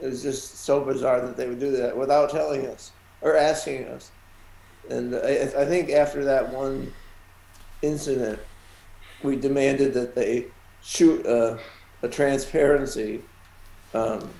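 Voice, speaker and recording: A man with a gravelly, mellow voice, recalling his methods as a guest comic artist. He speaks in a measured, halting way. He sounds like he is in an echoey room. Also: medium pitch, steady tone. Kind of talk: casual chat.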